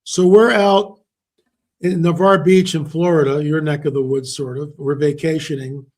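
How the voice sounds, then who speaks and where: A man's voice: a little high, steady tone, normal speed, a little mellow. A man speaking as an interview guest, telling stories emphatically and repeating words for stress. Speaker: interview guest, author and researcher. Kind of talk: conversational interview talk.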